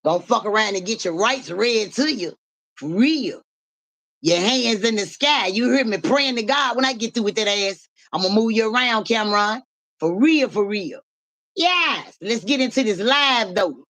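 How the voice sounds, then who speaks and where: A woman's voice: a little high, animated, moderate pace, fairly bright tone. Hype-chanting woman live streamer. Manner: repetitive, rhythmic, profane hype chants.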